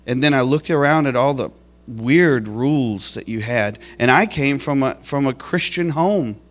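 A man's voice: medium pitch, measured pace. A man giving an emotional church testimony, heartfelt and at times tearful, laughing at his own past.

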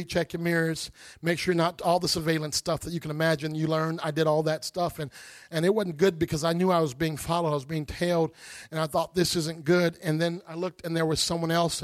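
A man preaching a sermon, telling a testimony with impassioned storytelling. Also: fairly high pitch.

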